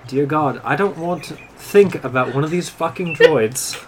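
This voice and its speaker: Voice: medium pitch, moderate pace, a little hiss or hum. A player at a tabletop game who swears freely and jokes in an exasperated way.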